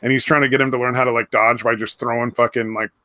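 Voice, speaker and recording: Casual podcast host, male; bright, forward tone, rambling, swears a lot. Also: medium pitch, little pitch movement, quick pace, no room sound. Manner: rambling, swears freely, trails off. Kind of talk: casual chat.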